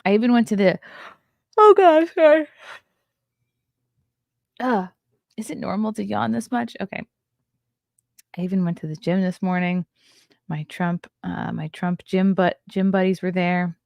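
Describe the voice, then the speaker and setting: A woman's voice: on the low side, fairly even intonation, normal speed, creaky, a little mellow, no echo, clean studio sound. A tired, yawning woman hosting a podcast, chatting casually with her viewers and rambling between comments from the chat. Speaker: podcast host.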